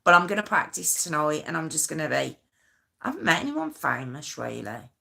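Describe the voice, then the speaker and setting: A young woman chats on a live stream in a bright, gravelly voice. She rambles nervously, stammering and restarting her sentences. She pokes fun at herself as she talks to her viewers. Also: low-pitched, big pitch swings, fairly quick. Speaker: YouTube true crime host.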